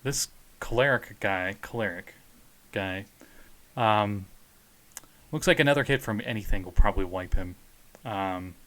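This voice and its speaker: A man's voice: on the low side, a little slow, pauses often, fairly bright tone. A man running a tabletop game as game master, casual and joking as he narrates and answers rules questions. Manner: joking, casual, pop-culture references.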